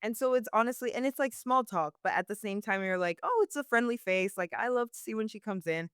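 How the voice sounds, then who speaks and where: A woman's voice: on the high side, expressive, quick pace, a bit bright, clear, resonant tone, no echo, clean studio sound. A young woman working as a barista, answering interview questions casually with many "like" fillers and frequent laughs.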